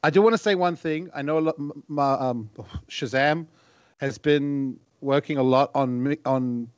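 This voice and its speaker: A man who grew up in New Zealand, co-hosting a beatbox reaction livestream in a relaxed, chatty way. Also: mid-range voice, moderate pace, dry recording, highs cut off. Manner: relaxed, chatty, laughs often. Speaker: co-host of a beatbox reaction stream. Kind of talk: casual livestream chat.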